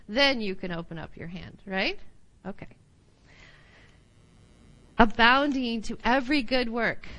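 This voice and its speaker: A woman teaching a Bible study class, animated, often checking in with her listeners. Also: mid-range voice, poor audio.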